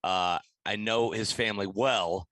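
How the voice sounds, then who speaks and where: A man's voice: lowish voice, fairly even intonation, a little slow, fairly bright tone, dry recording. A man co-hosting a sports radio show, reminiscing in an easygoing, casual chat.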